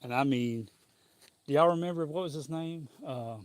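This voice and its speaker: A man's voice: a little high, moderate pace, no room sound. A man, talking casually to a live-stream audience outdoors in the sun, rambling and chuckling as he goes. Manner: rambling, chuckling, loose and jokey. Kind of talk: casual live-stream chat while walking.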